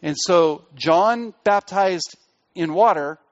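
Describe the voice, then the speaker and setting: A man preaching a sermon as pastor, pressing hard on key words and then dropping his voice low and quiet. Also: slow pace, muffled recording.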